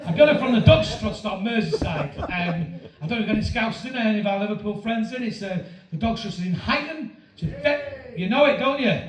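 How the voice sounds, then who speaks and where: Stand-up comic, man, 50s, very high voice, animated shouting, roomy live room. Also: brisk. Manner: animated storytelling, loud shouting bursts. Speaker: stand-up comedian. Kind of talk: stand-up comedy set. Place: comedy venue with live audience. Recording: roomy live-venue sound from a distance with crowd. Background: audience laughter.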